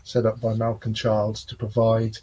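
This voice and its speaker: A man's voice: on the low side, monotone, normal speed, mellow, a little hiss or hum, low-quality recording. A man co-hosting a casual live stream, teasing his co-hosts with dry banter. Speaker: co-host.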